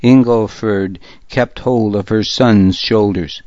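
A man reading a first-person audiobook in a measured, grave manner, close to the mic in a dull, lo-fi recording. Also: on the low side, a little mellow, no echo. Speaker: audiobook narrator. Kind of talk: first-person scripted narration.

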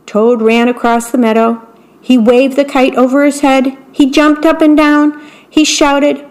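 Slow, measured woman reading a bedtime story. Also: high voice, level tone, a little mellow. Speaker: volunteer radio broadcaster.

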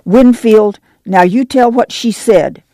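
A woman's voice: fairly high pitch, slow pace, warm tone, no room sound, pitched above the performer's own voice. A woman doing a firm, drawling farm mother. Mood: anxious. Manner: rural drawl, commanding.

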